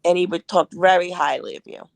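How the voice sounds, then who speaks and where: A woman's voice: lowish voice, a little fast, vocal fry, no room sound. A woman guest in a casual interview, telling anecdotes and acting out what people said. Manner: animated anecdotes with acted-out quotes.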